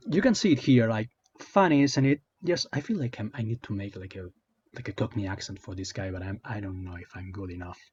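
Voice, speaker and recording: Husky sarcastic man ranting. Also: on the low side, darkish tone. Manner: hesitant, filler-heavy, sarcastic. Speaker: online commentator. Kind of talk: casual commentary rant. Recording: dull lo-fi sound.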